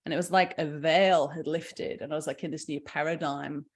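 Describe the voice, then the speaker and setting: Aussie woman host, chatty and excited, lots of ums, lowish voice. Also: moderate pace. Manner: chatty, enthusiastic, with fillers and frequent laughs. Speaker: founder and health coach presenting a live session. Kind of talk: casual live presentation.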